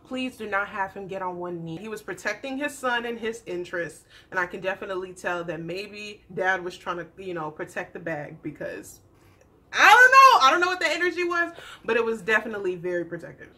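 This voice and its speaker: A young adult woman chatting through a casual TV recap, animated and acting out the people she describes. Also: medium pitch, fairly quick, few pauses. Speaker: YouTube TV recap host.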